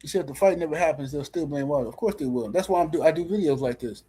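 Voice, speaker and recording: A man's voice: a little high, very fast, warm tone, breathy edge, poor audio. A man hosting a casual boxing livestream, reading super chats and ranting in slangy, repetitive talk. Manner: slangy, repeats himself, rants and reads super chats.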